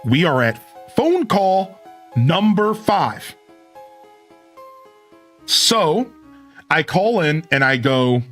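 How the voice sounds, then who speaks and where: Man, streamer, storytelling to chat, acts out phone calls, fairly high voice, faint music underneath. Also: fairly bright tone. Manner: acts out both sides of phone calls with big pitch jumps.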